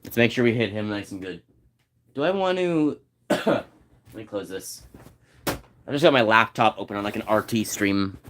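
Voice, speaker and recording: A man giving casual, rambling commentary as he plays a game, now and then reading game text aloud quickly. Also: on the low side, steady tone, fairly bright tone, a little hiss or hum. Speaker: game streamer.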